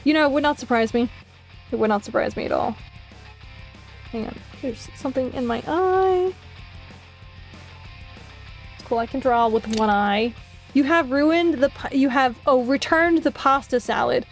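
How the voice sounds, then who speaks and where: A woman's voice: sits high, normal speed, vocal fry, long pauses, soft background music. A woman streamer chatting casually while she draws, telling a story with lots of swearing and mocking voices. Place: home streaming setup.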